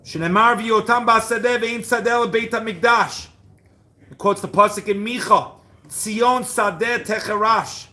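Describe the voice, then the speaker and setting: At a yeshiva, a man teaches a Torah class, questioning his listeners, chanting Hebrew verses slowly and building to shouts on key points. His voice is high-pitched and reverberant.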